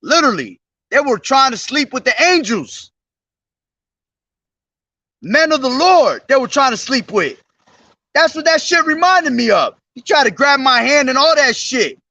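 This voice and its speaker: A man preaching on the street in a high, bright, sharp voice. His pitch swings widely as he moves between slow, declaimed scripture and fast, profane rants. The sound is dry and slightly dull. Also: sing-song, no room sound, distant mic. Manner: profane, agitated ranting between loud declaimed verses. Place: outdoors on a street.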